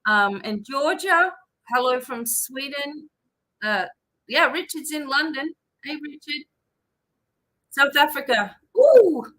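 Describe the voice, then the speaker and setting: An Australian woman in a relaxed live stream, greeting viewers by name between unhurried fillers. Her voice sits a bit high and rings bright, and she takes her time over every phrase. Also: low-quality recording. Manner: chatty, reads out viewer names and places, drawn-out fillers. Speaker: psychic reader hosting a live stream.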